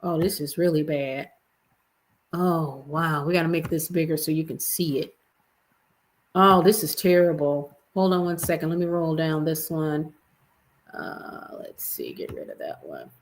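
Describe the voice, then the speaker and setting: A woman hosting an evening livestream, giving chatty, expressive commentary and talking straight to her viewers. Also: low-pitched, measured pace, a little hiss or hum. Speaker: livestream host. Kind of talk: casual commentary chat.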